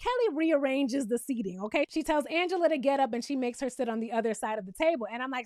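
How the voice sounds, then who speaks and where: A woman giving a sassy, animated spoken review of a reality TV episode, talking straight to her viewers and acting out the cast's lines. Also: sits high, quick pace, hardly any pauses, no room sound, studio quality. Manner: acts out cast members' lines in quotes. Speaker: reality TV recap host.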